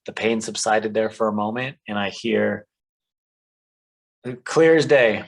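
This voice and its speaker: A man's voice: on the low side, unhurried, creaky, pauses often, rough recording. A man earnestly telling his life story as a podcast guest, with many "um"s and "you know"s. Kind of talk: conversational testimony.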